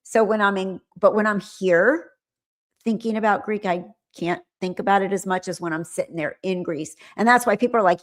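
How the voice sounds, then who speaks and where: A woman's voice: mid-range voice, expressive, moderate pace. A middle-aged woman hosting a livestream, chatting with viewers in a rambling way and often trailing off and restarting. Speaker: livestream host. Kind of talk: casual chat with viewers.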